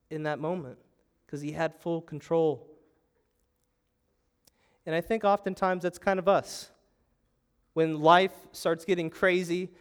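A man's voice: high voice, smooth. A young adult man preaching a sermon as pastor, telling the story with animation and acting out panicked voices. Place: church sanctuary.

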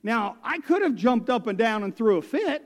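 Guy preaching in a church, high voice, folksy and joking on himself, long hall echo. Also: sing-song, normal speed. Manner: folksy, self-deprecating storytelling. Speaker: guest preacher. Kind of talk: sermon.

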